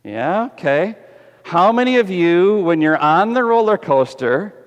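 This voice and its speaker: A man preaching a sermon as pastor, animated and putting questions to the congregation, kids included. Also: high-pitched, a little slow, highs cut off. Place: church sanctuary. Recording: echoey church hall.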